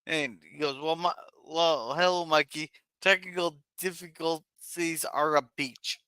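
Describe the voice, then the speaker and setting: A man hosting a casual livestream, reading viewer messages aloud in a chatty, halting way. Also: on the high side, steady tone, pushed and bright, clean tone, no echo. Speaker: stream host reading chat.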